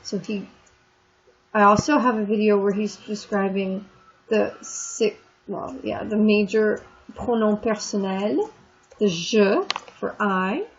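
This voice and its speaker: A woman's voice: mid-range voice, slow. A woman teaching a French class in a recorded online lesson, explaining in a chatty way and stretching out the French words. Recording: dull lo-fi screen recording with faint noise.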